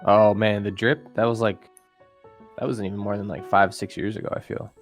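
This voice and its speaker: A man's voice: on the low side, flat delivery, moderate pace, soft background music. A man in his thirties co-hosting a podcast in casual chat, teasing and drawing out his slang. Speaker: podcast co-host.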